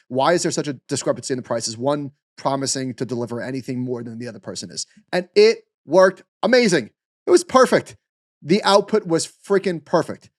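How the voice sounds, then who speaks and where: Fast-talking man on a podcast. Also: mid-range voice, dry recording, studio quality. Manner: animated storyteller, lots of fillers. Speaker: podcast co-host. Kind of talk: casual podcast chat.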